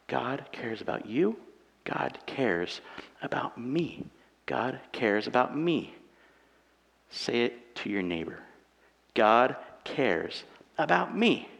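A man in his thirties preaching a conversational sermon as a pastor, moving between quiet, chatty asides and loud, emphatic passages in a church auditorium. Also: medium pitch, big pitch swings, slow pace, vocal fry, long pauses, slightly rough. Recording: hall reverb from a church sanctuary.

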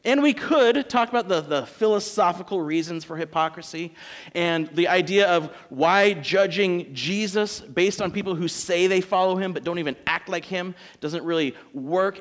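A man's voice: high-pitched, normal speed. A male pastor giving a conversational, joking sermon to his church.

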